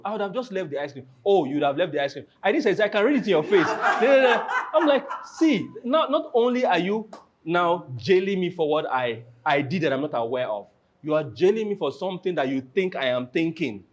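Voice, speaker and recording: A man hosting a panel discussion, animated and acting out quoted lines as he talks. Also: high-pitched, fairly quick, muffled recording.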